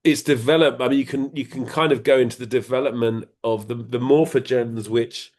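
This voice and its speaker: A man's voice: medium pitch, steady tone, a little fast, a little mellow. A middle-aged man as an interview guest, explaining ideas in a rambling, playful way with many restarts and fillers. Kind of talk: casual conversation.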